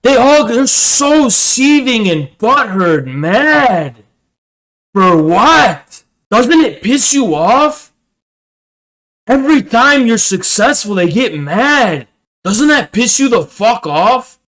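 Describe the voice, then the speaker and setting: Man, fairly high voice, streamer, swearing a lot, angry commentary. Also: big pitch swings, slow, a bit bright, poor audio. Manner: profane, heated ranting with sudden swings in pitch. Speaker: streamer host. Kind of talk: ranting livestream commentary.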